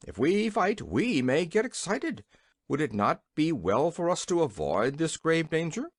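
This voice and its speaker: Guy doing a nervous fussy general, polite and whiny, higher voice, storybook. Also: sing-song, unhurried, no echo, heavily acted. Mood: fretful. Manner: polite and fretful. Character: timid, fussy male army general.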